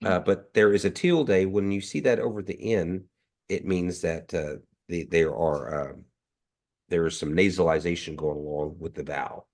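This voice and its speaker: A man teaching a language class online, patiently modeling each sound slowly; his voice is nasal from allergies, heard over a video call. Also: deep voice, a little mellow.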